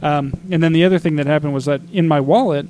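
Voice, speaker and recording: Chatty man with a higher voice. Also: quick pace, a little hiss or hum. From Arizona. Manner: animated, exasperated storytelling with acted-out quotes. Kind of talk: casual storytelling chat.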